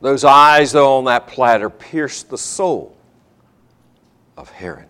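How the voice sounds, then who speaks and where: A man's voice: mid-range voice, slow, sharp tone, smooth. A man preaching a sermon, telling a Bible story dramatically and acting out the characters.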